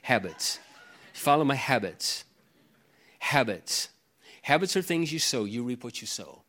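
A man's voice: on the high side, a bit bright. A middle-aged man preaching a sermon as pastor, emphatic and given to repeating his key phrases.

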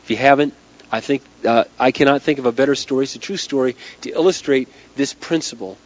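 A man's voice: mid-range voice, fast talker. A man preaching a sermon to a live audience, rambling and searching for words with lots of fillers. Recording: dull lo-fi recording.

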